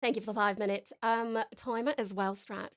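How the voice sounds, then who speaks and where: A woman putting on a put-on British accent to play a posh, polite lady who speaks softly and genteelly and calls everyone darling. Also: medium pitch, fairly even intonation, fairly quick, pitched below the performer's own voice, close to an everyday voice.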